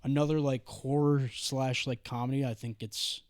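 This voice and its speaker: A man's voice: medium pitch, moderate pace, dry recording, clean studio sound. A young man hosting a podcast, chatting casually, swearing freely and packing his talk with "dude" and "like". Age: young adult. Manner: profane, excitable, says "dude" and "like" a lot. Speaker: podcast host. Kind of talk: casual chat.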